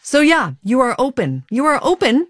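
A woman hosting an interview, asking measured, attentive questions. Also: high voice, sing-song, fairly bright tone. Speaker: host. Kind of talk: interview host.

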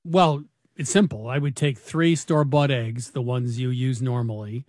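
An older male radio host with an easy, chatty manner who laughs often. His voice sits at a middle pitch. The sound is dry and close, with no room echo. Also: fairly even intonation, moderate pace, darkish tone. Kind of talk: radio interview and call-in.

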